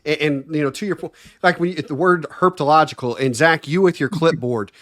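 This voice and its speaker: A man co-hosting a podcast in a casual, halting way, often restarting his sentences. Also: a little high, fairly bright tone. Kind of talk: casual chat.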